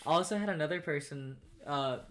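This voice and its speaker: A podcast co-host telling stories in a casual chat, animated, acting out other people's lines in jumpy voices and laughing between lines. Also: medium pitch, brisk.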